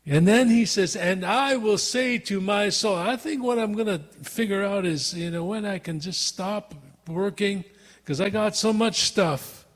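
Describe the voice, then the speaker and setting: Man preaching, high voice, husky, slow, earnest rhetorical questions, long hall reverb. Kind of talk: sermon.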